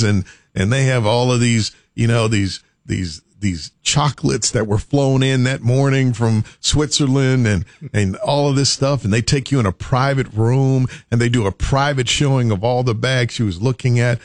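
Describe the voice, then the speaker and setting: A man's voice: mid-range voice, moderate pace, few pauses, no room sound. Brief: male talk host, playful storytelling, dry voice. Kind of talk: casual talk show chat.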